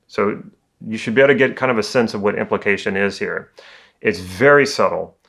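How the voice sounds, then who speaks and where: A man working as a communication coach, giving a calm, conversational educational talk. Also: lowish voice, a little fast, gravelly.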